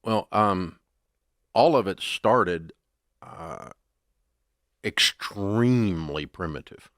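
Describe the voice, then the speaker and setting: A middle-aged man, telling stories in a folksy, animated way as an interview guest. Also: low-pitched, very slow, no room sound, clean studio sound. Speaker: guest, business founder. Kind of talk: storytelling interview.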